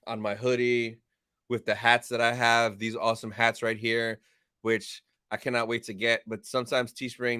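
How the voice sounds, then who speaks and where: A young man hosting a live stream, reading chat and thanking viewers in an upbeat, chatty way. His voice is smooth and clear, at a middle pitch. The sound is dry and close to the microphone. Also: bright, forceful tone, no echo.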